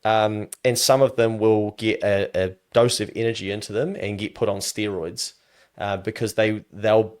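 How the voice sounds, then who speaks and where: A man with a New Zealand accent, talking casually as a guest on a podcast and acting out other people's voices in his stories. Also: on the low side. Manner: animated storyteller who acts out quoted voices. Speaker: business adviser guest.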